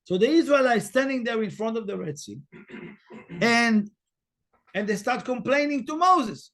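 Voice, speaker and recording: High, gravelly man teaching intently. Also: animated. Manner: emphatic, swings from loud urging to hushed near-whisper; repetitive, halting with fillers. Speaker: spiritual teacher. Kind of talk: Torah portion lesson.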